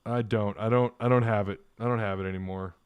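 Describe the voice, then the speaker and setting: A man's voice: on the low side, steady tone, quick pace, clean tone, no echo, phone-quality sound. A man hosting a casual sports live stream, reading out viewer comments, joking and laughing as he talks. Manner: laughing, joking, thinking aloud.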